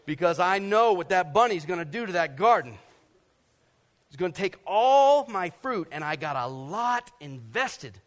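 Guy with a higher voice preaching on stage, lots of stories, acts stuff out with little sound effects, from georgia. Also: a little slow. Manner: animated storytelling, acts out scenes and sound effects. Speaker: pastor. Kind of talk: sermon with personal stories. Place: stage before a live congregation.

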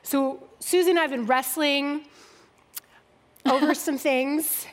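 A woman's voice: sits high, fairly even intonation, slow pace. A woman giving a humorous, self-deprecating personal testimony to a group, laughing often and acting out both sides of conversations. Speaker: speaker sharing testimony.

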